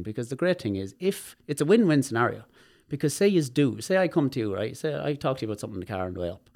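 An Irish man, a guest on a podcast, telling personal stories in an animated way and swearing freely. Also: mid-range voice. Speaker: guest, movement specialist. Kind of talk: podcast conversation.

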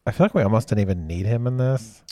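A man co-hosting a casual movie podcast, talking in a laid-back, low-key way. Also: quick pace, dark tone. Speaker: podcast co-host.

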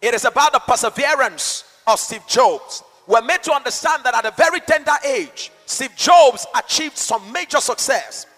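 A male pastor preaches with a high, sharp, forceful voice, rising into shouts and dropping to quiet asides. He is heard in a large church hall with a long reverb, and faint music plays underneath. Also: animated, normal speed, hardly any pauses. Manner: dynamic, rhetorical, swings between shouting and soft asides. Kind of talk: sermon.

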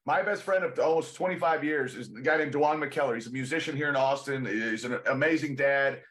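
A male comedian from Texas, a guest in casual chat, telling stories briskly and swearing freely. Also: medium pitch, a bit bright.

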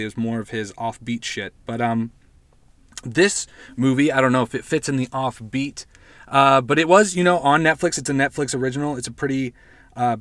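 A man's voice: mid-range voice, a bit bright, dry recording. Rambling, profane man recapping a movie. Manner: rambling, profane, many fillers and restarts. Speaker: podcast host. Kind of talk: casual chat, movie recap.

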